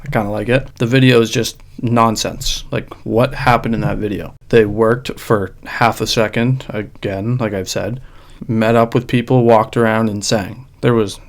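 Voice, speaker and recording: A man giving sarcastic, wry commentary in a comedic reaction video, recorded in his own dark room. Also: lowish voice, steady tone, normal speed. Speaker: video host.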